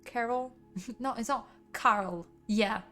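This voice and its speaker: Woman, Italian accent, livestream chat, laughs a lot, curses casually, slightly high voice. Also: slow, fairly bright tone, faint music behind. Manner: chatty, laughs often, swears casually. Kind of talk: casual chat to stream viewers.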